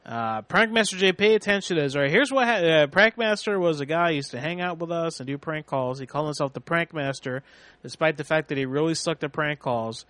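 A man's voice: a little high, lively intonation, a little fast, fairly bright tone, dry recording. A man hosting a casual talk show, rambling with many restarts and laughs. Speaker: podcast host. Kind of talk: casual radio chat.

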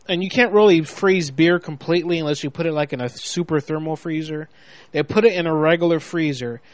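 A man's voice: a little high, no room sound. A man hosting a casual late-night show, rambling and telling stories in a laid-back way. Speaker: show host.

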